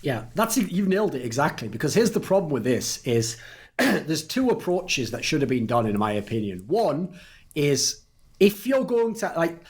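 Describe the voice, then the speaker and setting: A man's voice: on the high side, sing-song, normal speed. A man co-hosting a casual esports podcast, talking emphatically and swearing freely as he argues his points. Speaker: podcast co-host.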